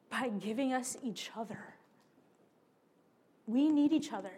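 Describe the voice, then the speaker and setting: A woman preaching a sermon, weaving a lively personal story and calling out to her listeners as friends. Her voice sits high and bright in pitch. The sound carries a long reverb from a large hall. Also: slow, pauses often, slightly rough. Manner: animated storytelling, addresses listeners as y'all and friends.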